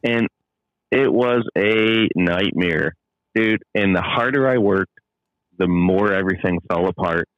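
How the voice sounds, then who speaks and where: A man who runs a landscaping business, guesting on a podcast by phone, telling stories in an intense, profane, animated way. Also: low voice, a little slow, no echo. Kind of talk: casual podcast chat. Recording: lo-fi phone line.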